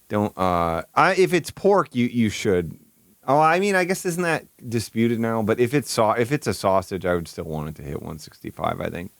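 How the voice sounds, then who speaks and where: A man's voice: mid-range voice, no echo. A man streaming live, reacting to a video with incredulous, stammering, profane commentary. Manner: incredulous, swearing, stammering with bursts of laughter.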